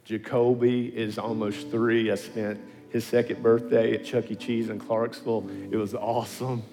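A man's voice: moderate pace, music in the background. Man preaching in a big echoing hall. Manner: animated storyteller, acting out quotes in pitch leaps. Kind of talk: sermon with storytelling.

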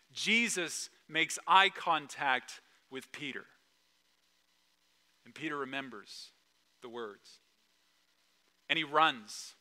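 A man preaching a sermon, retelling a Bible story with acted-out quotes and hushed, solemn pauses. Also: mid-range voice. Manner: storytelling, acts out quoted lines, drops to a hush at solemn moments. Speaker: pastor.

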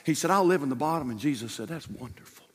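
A male pastor preaching a sermon in a church, telling a story that swings from loud, shouted peaks to hushed, quiet lines. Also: fairly high pitch, lively intonation, rapid-fire. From United States. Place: church sanctuary. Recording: long church reverb.

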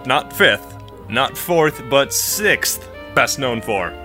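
A man co-hosting a podcast in casual chat, wry and quick with his interjections. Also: mid-range voice, sing-song, bright, forceful tone, faint music behind. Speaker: podcast co-host.

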